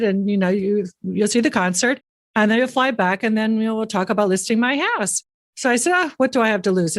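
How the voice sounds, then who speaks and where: A middle-aged woman hosting a podcast, telling real estate anecdotes in a lively, chatty way and laughing often. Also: medium pitch, dry recording, clean studio sound. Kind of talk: casual storytelling chat.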